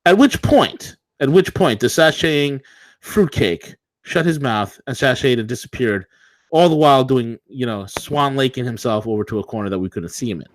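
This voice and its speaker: A man's voice: medium pitch, expressive, moderate pace, dry recording. Combative ranting talk-radio man. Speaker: co-host of political talk show. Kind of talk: opinionated political talk.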